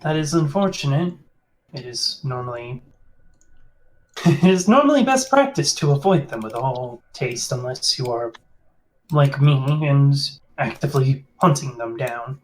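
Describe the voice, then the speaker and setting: A man's voice: medium pitch, expressive, natural voice, poor audio. A man playing a courteous field agent. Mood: wry. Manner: polite, formal, measured speech. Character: formal, courteous male field agent, grieving. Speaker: game master voicing a character. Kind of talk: tabletop role-play in character.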